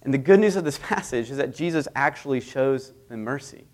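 Conversational preacher, storytelling sermon. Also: male voice, medium pitch, brisk. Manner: storytelling, conversational, with lively dramatic swings. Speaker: visiting preacher.

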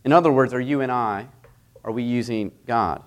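This thirty-something guest preacher has a mid-range voice and a normal pace. His sermon unfolds through conversational storytelling punctuated by lively dramatic swings.

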